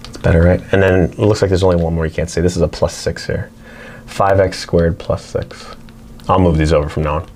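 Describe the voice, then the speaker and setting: A man's voice: low-pitched, fairly even intonation, brisk, darkish tone, a little hiss or hum. A man teaching a casual whiteboard math lesson, chatting as he works through problems. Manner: chatty, talks to his barking dog between problems.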